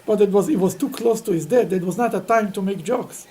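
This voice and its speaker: A middle-aged man, a rabbi, teaching a Talmud class in an animated storytelling way, often laughing and repeating words. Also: high voice, fairly quick, a little hiss or hum, low-quality recording.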